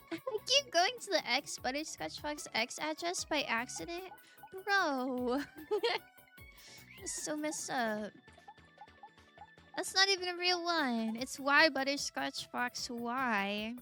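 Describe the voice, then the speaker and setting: A woman streamer chats casually over a game, laughing often and reading its text aloud. Her voice is high and her pace unhurried, with faint game music playing behind. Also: expressive, pushed and bright.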